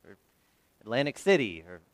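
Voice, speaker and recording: A man's voice: mid-range voice, sing-song, moderate pace, dry recording. A man preaching a sermon, retelling parables in a storytelling way and acting out the characters' lines. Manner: storytelling, acts out quoted voices. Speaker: pastor.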